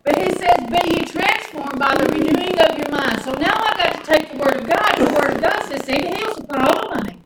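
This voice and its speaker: A woman's voice: high voice, fairly quick, few pauses. A woman, preaching a folksy sermon and calling on the congregation to answer back. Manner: folksy, calls on the congregation for responses. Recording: echoey room, mic at a distance, noisy.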